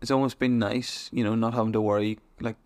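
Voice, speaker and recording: A man's voice: on the low side, level tone, brisk. Rambling, chatty young male podcast host. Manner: rambling, restarts a lot, chatty. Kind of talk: casual chat.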